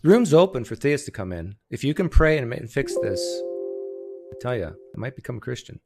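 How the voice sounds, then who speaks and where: A man's voice: medium pitch, big pitch swings, a little fast, gravelly, over loud music. A man in his own streaming setup talks into a desk mic, trading sarcastic jokes with his chat as he tries to fix the volume. His voice sits in an ordinary middle register, and his delivery is loose and off-the-cuff. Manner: sarcastic, joking while fixing mic settings. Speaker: host. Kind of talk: casual livestream chat. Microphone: desktop streaming mic.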